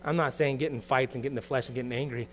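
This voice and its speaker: A middle-aged man preaching a sermon as pastor, earnest and confessional, moving from quiet reflection to loud bursts. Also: medium pitch, steady tone, rapid-fire, slight background noise.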